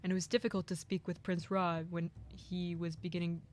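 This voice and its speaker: A young woman hosting a casual visual novel playthrough, excitable, reading narration aloud and joking. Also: lowish voice, a little hiss or hum. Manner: excitable, reads narration aloud, quick jokes. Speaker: host.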